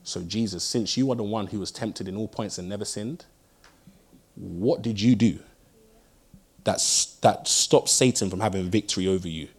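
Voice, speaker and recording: A man's voice: lowish voice, moderate pace, breathy edge. A man, preaching a sermon, telling stories and driving points home with emphatic repeated phrases. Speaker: pastor.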